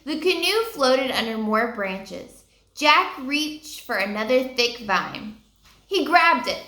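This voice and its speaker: A woman reads a children's book aloud, expressive and unhurried, and stops to ask her listeners questions. Her voice is high, lively and bright. It rings in a roomy space. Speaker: storyteller reading aloud. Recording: roomy echo.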